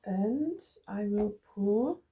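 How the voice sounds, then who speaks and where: A woman's voice: medium pitch, animated, very slow, narrow, tinny audio, a little hiss or hum. A woman with a German accent reading oracle cards for her viewers in a vlog, gushing and affectionate, repeating herself and laughing often. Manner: laughs often while talking. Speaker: tarot and oracle card reader.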